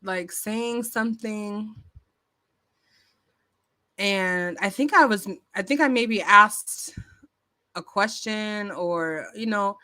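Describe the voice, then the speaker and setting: A woman's voice: medium pitch, takes it slowly, pauses often, sharp tone. A woman vlogger telling a story casually into her phone, chatty, with lots of fillers and restarts. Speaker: YouTube commentary vlogger.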